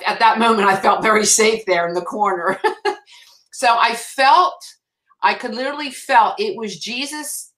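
A woman with a bright, forceful tone tells her faith story as a guest. She speaks emotionally, stumbling over restarts and repeating herself. Her pitch sits in an ordinary middle range. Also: poor audio. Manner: emotional, halting, with frequent restarts. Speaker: guest author. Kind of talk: testimony in a faith interview.

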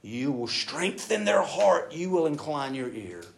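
A man preaching a sermon. He reads scripture aloud, then speaks directly to the congregation, moving between loud emphasis and hushed asides. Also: fairly high pitch, sing-song, unhurried, vocal fry. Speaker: pastor.

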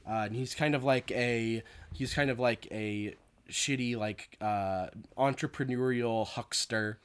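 A man's voice: mid-range voice, measured pace, clean tone. A man casually recapping a film's plot, rambling with lots of fillers and restarts.

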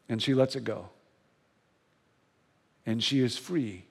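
A male pastor preaching a sermon in a church, telling a story with earnest, slow and emphatic repetition. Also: mid-range voice, vocal fry, slightly rough, long reverb tail. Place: church sanctuary.

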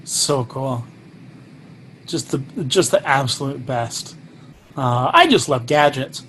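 A man co-hosts a relaxed movie chat, retelling the plot and cracking dry, mock-serious jokes. A faint hiss sits under his mid-pitched voice. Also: takes it slowly. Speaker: podcast co-host. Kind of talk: casual movie review chat.

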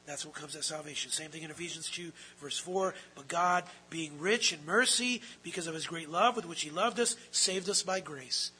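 A man preaching a sermon, swinging between hushed, drawn-out phrases and loud, emphatic ones. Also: on the high side, a little hiss or hum, rough recording. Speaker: pastor.

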